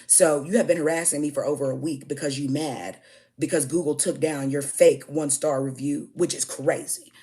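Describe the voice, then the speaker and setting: A young woman speaks at normal speed in a low, warm voice with fairly even intonation while ranting heatedly about a customer. She runs a food business, swears a lot, stays emphatic and keeps saying "okay?"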